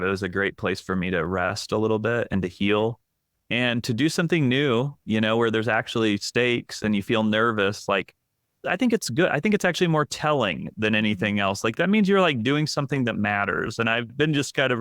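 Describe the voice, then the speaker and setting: A middle-aged executive coach talking candidly in a casual podcast interview, reflective and full of fillers and restarts. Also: male voice, lowish voice, fairly bright tone, no echo, clean studio sound.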